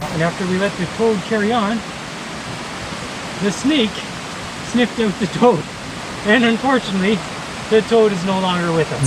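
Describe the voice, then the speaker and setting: Guy out in the woods talking to his dog, kinda high voice, bit of hiss behind. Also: normal speed, pauses often. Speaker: vlogger on a canoe trip. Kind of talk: casual outdoor vlog narration. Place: outdoors in a park.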